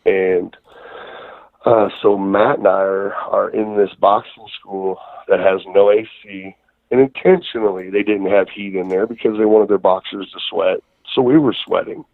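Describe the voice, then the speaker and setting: A man's voice: low voice, fairly even intonation, normal speed, gravelly, no echo. Man telling stories over a tinny phone line. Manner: rambling, profane, many fillers. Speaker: guest wrestler. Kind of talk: casual storytelling interview.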